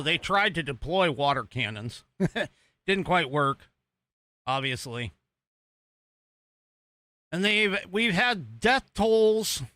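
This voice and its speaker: American guy hosting a politics podcast, bright voice, slow rambly talk over clips, lots of ums. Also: a little high, dry recording. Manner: rambling, with many fillers and restarts; talks over video footage he is playing. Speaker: podcast host. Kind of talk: casual political commentary.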